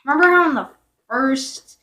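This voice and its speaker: A woman's voice: sits high, moderate pace, bright, forceful tone. A young teenage girl telling a storytime vlog in a rambling way, full of fillers, self-corrections and whispered asides. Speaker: vlogger.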